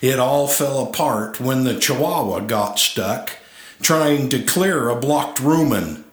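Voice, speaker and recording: Male cowboy-poetry reciter, slow and animated, roomy recording. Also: mid-range voice. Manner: storytelling with playful put-on accents.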